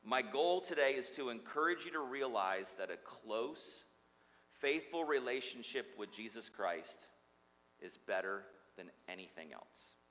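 Male pastor, playful storyteller, forceful voice, preaching from a reverberant church sanctuary. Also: medium pitch. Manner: joking, storytelling, lively preacher. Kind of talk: sermon. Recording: long hall reverb.

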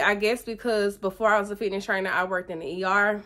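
A young woman talks straight to the camera in a loose, chatty way. Her voice sits at an ordinary pitch and she shares her feelings openly with viewers. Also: fairly even intonation, fast, fairly bright tone. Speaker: vlogger. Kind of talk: casual chat to camera.

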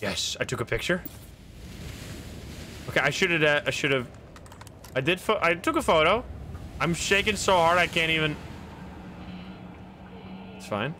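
An excitable man commentating his gameplay live, swearing and laughing as he narrates each move. His voice is bright and forceful, slightly raised in pitch. Faint noise sits under the recording. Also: measured pace, long pauses. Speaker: streamer.

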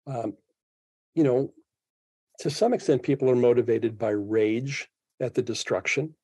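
Older guy in his 70s, mellow husky voice, thoughtful and halting, dry sound. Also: mid-range voice, no echo. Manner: reflective, thinking aloud with restarts. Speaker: podcast guest. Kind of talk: interview conversation.

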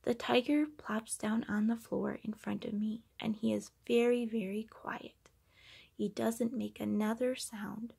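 A woman reading a children's picture book aloud, acting out the sound effects with animated delivery. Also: fairly high pitch, unhurried, gravelly, breathy edge. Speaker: storybook reader.

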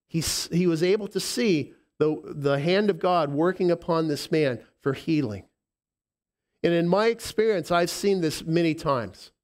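This pastor's sermon comes in an animated, slightly high voice marked by a lisp. He's emotional and halting, restarting frequently, and swings from gentle tenderness to forceful proclamation.

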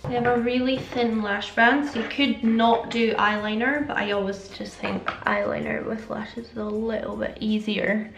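A woman's voice: fairly high pitch, little pitch movement, a little slow, gravelly, a bit bright. A woman chatting casually through a makeup tutorial, rambling and self-aware. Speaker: beauty vlogger. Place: home makeup setup. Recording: echoey room with faint music.

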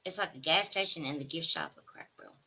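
This Southern American woman talks casually with her livestream audience, reading their comments out loud. She has a deep, gravelly voice that's pushed and bright with a breathy edge, and she speaks quickly. Her manner is chatty and full of exclamations, with drawled asides to the chat.

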